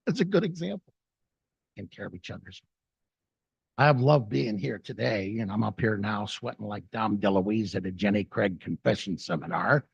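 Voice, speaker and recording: Older guy, gravelly husky voice, storytelling talk, dull dry sound. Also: lowish voice, dry recording. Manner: animated storyteller, jokes and acted quotes. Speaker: speaker. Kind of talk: inspirational talk with stories.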